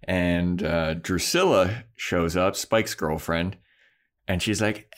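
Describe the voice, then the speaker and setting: A man's voice: low voice, slow pace. A man co-hosting a podcast, casually recapping a TV episode in a laid-back, laughing way. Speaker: podcast co-host.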